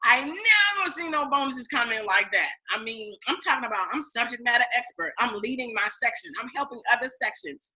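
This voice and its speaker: Thirties woman, bright and fairly high voice, lively testimonial vlogger who re-enacts her own reactions. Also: a little fast, hardly any pauses, rough recording. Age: 30s. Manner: animated storytelling, acts out her past self, addresses viewers as y'all. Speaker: network marketing distributor. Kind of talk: casual testimonial vlog.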